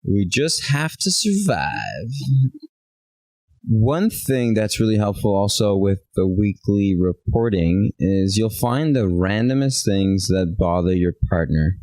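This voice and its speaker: A man's voice: on the low side, animated, takes it slowly, dark tone, no room sound, low-quality recording. A man co-hosting a relationship talk show, telling stories animatedly and acting out bits of quoted dialogue. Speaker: podcast co-host. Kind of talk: casual chat.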